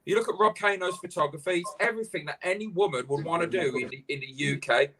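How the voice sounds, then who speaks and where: A man's voice: fairly high pitch, fast, a bit bright, a little hiss or hum. A man hosting a live stream, ranting animatedly in casual chat and swearing freely. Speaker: host.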